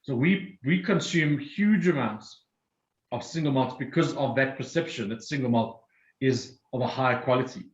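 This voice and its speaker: A man's voice: mid-range voice, moderate pace, echoey room, muffled recording. A man presenting a whiskey tasting and explaining each drink step by step. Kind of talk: guided tasting talk.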